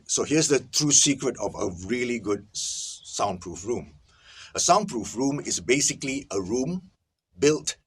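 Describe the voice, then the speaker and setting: A man with a fairly low, husky voice teaches audio recording in a casual video lesson, filmed in a small soundproofed booth. He explains things emphatically and keeps checking in with viewers, captured on a camera-mounted microphone rather than a lapel mic.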